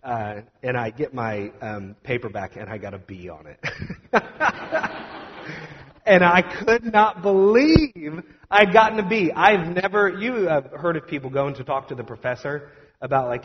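A young adult man preaching a storytelling sermon as a pastor, conversational and animated, with plenty of fillers. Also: mid-range voice, moderate pace. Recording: dull sound with long hall reverb.

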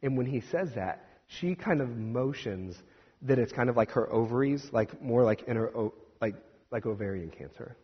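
A male minister tells a story from the pulpit, hesitating and restarting, then slipping into the voices of the people he quotes. His voice has a husky edge and sits at a middle pitch. It is heard through a dull, lo-fi recording with a long hall reverb. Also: lively intonation, moderate pace. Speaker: Presbyterian minister. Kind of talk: sermon storytelling.

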